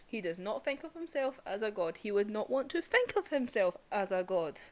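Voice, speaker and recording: A young woman chatting casually about a manga chapter, excitable and swearing freely. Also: mid-range voice, normal speed. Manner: excitable, swearing, laughs often. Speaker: manga reviewer. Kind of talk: casual chat.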